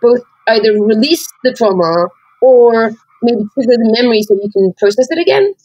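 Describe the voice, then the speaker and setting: A woman's voice: on the high side, expressive, moderate pace, a little mellow, no echo, muffled recording. A woman co-hosting a podcast, talking candidly and reflectively, with many fillers and restarts. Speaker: podcast co-host. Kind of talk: candid conversational chat.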